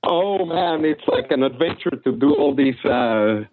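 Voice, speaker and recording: A man calling in to a radio show, talking haltingly with many restarts. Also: mid-range voice, animated. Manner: hesitant, many restarts and fillers. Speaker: caller. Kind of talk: casual call-in chat. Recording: tinny phone line.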